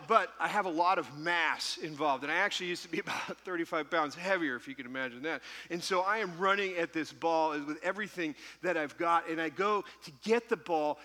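A man pastor telling a self-deprecating story in an animated sermon to a live congregation. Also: on the high side. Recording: hall reverb.

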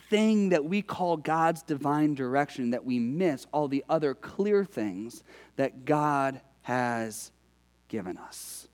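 A man with a notably high voice delivers a sermon, keeping it conversational and story-driven. He presses his points with emphatic repetition. His words trail off in the long reverb of a big hall. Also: a little mellow. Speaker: pastor.

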